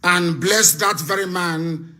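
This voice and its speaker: A man hosting a live call-in broadcast, speaking in an impassioned, rousing way that often swells into shouting. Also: sits high, steady tone, takes it slowly. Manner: impassioned, rousing, scornful, raises his voice to shouts. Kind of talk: fiery live address and call-in.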